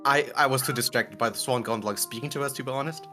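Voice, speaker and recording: A man's voice: medium pitch, fast, sharp tone, soft background music. A man recapping the last tabletop session in a giggly, rambling way, often correcting himself. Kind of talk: casual recap of a tabletop game.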